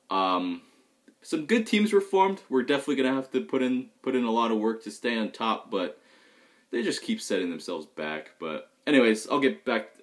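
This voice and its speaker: Young gamer guy with a really low voice just rambling on camera, blunt about stuff. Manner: loose, rambling, frank and opinionated. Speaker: pro gamer vlogging about tournaments. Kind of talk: casual vlog chat.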